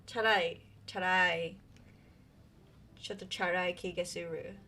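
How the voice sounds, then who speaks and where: Woman, Japanese accent, live-stream chat, mixes two languages, bright sharp tone. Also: on the low side, flat delivery, a little fast. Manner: chatty, mixing Japanese and English.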